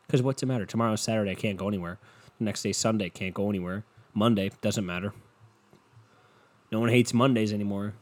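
A man's voice: lowish voice, darkish tone. A young adult man hosting a solo podcast from home, ranting in a profane, sardonic and rambling way. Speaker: podcast host. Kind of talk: casual solo podcast rant.

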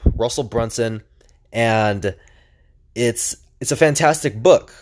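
Energetic young man hosting a podcast. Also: medium pitch. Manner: energetic and chatty, many fillers and restarts. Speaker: podcast host. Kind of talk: casual solo podcast monologue.

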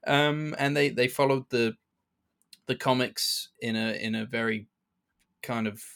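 A man co-hosting a podcast, chatting casually in a review and pausing often to restart his sentences. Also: medium pitch, steady tone, vocal fry, fairly bright tone, clean tone. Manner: hesitant, many restarts and fillers. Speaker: podcast co-host.

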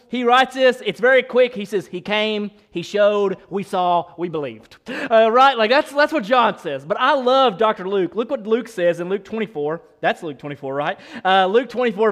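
A male pastor preaching a sermon in an animated, playful way, speeding up and slowing down as he goes. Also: high-pitched. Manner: animated, playful, shifting pace.

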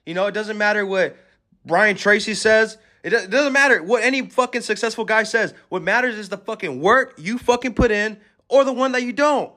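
A man's voice: high-pitched, fairly quick, sharp tone. A man hosting a podcast, giving an aggressive, swear-filled motivational rant at the listener. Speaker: podcast host.

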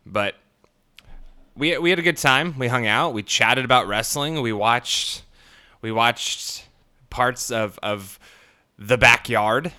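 A man's voice: mid-range voice, slow pace, pauses often, bright, forceful tone, smooth. A man hosting a podcast solo, rambling with many fillers and crude jokes, talking through a swollen split lip. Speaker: podcast host. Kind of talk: casual podcast monologue.

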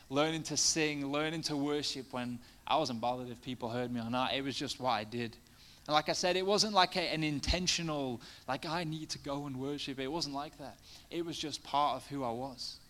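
A man's voice: mid-range voice, fairly even intonation, moderate pace, fairly bright tone. A man preaching a sermon in a conversational way, full of fillers, building to passionate emphasis.

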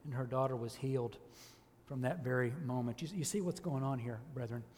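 A man preaching a sermon as a church elder, impassioned and emphatic, rising to loud peaks and dropping low. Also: brisk, big-room sound, slight background noise.

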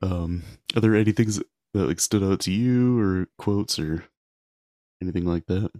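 A man's voice: low-pitched, normal speed, warm tone, no echo, clean studio sound. A man co-hosting a podcast, casually retelling movie scenes in a rambling way with lots of filler words. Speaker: podcast co-host.

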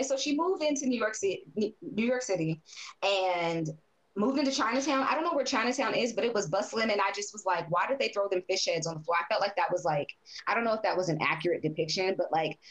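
A woman's voice: medium pitch, rough recording. A woman co-hosting a casual movie review podcast, telling stories with lots of laughter and swearing. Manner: animated, laughing, profane storytelling. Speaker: podcast co-host.

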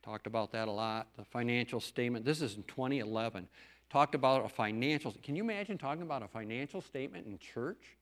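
A man's voice: mid-range voice, animated, fast. Earnest folksy middle-aged man preaching. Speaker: lay preacher and farmer. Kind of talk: church testimony talk.

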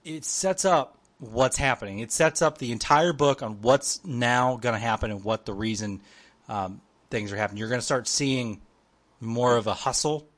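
A man's voice: medium pitch, normal speed. A man co-hosting a podcast, chatting in an easygoing, rambling way with fillers. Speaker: podcast co-host. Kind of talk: casual chat.

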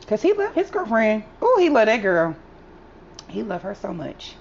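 Woman co-host, mid-pitched gravelly voice, bouncy lively intonation, teasing and chatty, dull lo-fi recording with faint hiss. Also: normal speed. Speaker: podcast co-host. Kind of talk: casual chat.

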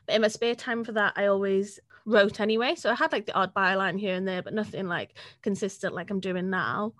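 Young woman, rapid talker, casual and sweary, dead dry sound. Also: medium pitch, fairly bright tone, no room sound. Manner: chatty, sweary, laughs often. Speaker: podcast guest, freelance journalist. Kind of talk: casual interview chat.

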